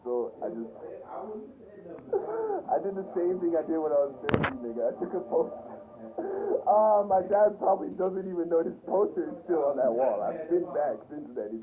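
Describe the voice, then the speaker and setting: A young man, a YouTuber, telling a personal story in a casual, animated, profane way. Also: mid-range voice. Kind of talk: storytime vlog. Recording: tinny phone-like sound with faint hiss.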